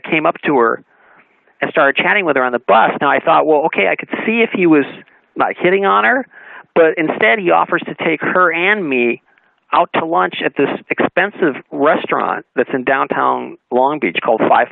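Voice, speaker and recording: A man calls in as a guest to tell a story. His gravelly voice comes through a thin, phone-like line with no room sound at all. He keeps it animated, acting out the dialogue and laughing often. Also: on the high side, moderate pace, dry recording. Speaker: author and interview guest. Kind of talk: anecdotal storytelling on a radio talk show. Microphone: phone call-in. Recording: narrowband phone line, dry.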